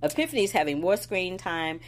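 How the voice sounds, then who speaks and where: A woman co-hosting a casual chat about a soap opera, animated and quick to laugh. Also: on the low side. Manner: animated, laughs often, acts out quotes. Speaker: soap opera podcast co-host.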